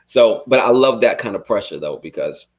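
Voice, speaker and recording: Laid-back male podcast host, lively pitch. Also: normal speed, highs cut off. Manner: relaxed, laughs a lot, rambles and restarts. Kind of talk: casual interview.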